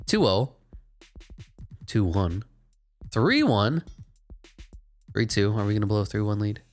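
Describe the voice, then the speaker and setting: A man giving casual, sarcastic running commentary while playing a video game, swinging between mocking asides and excited play-by-play. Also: medium pitch.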